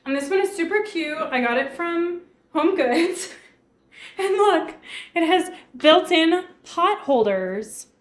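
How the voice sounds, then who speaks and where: A woman's voice: very high-pitched, expressive, takes it slowly. A young woman chatting casually with her live-stream chat while cooking in her home kitchen, giggling often.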